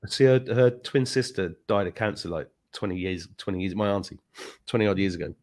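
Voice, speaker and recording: A man with a voice on the low side talks fairly quickly while hosting a podcast. He chats casually and animatedly, acting out the voices of the people in his story.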